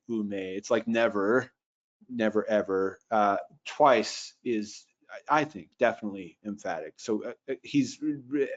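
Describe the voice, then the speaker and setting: Man teaching Bible translation, thoughtful, lo-fi. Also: mid-range voice. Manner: thoughtful, restarts often, reads phrases slowly. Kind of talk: casual lecture.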